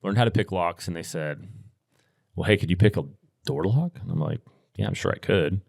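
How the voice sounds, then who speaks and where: A man's voice: sits low, moderate pace, creaky, darkish tone, dry recording, studio quality. A middle-aged man telling a long story in a laid-back, rambling way, full of fillers and restarts. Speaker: podcast guest, firearms instructor. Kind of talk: casual storytelling.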